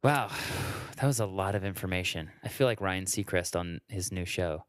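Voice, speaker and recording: A man's voice: deep voice, moderate pace, no echo, clean studio sound. A man, a comedian, joking around in a casual podcast conversation. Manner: jokey, plays with voices and sings comic songs. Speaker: comedian guest.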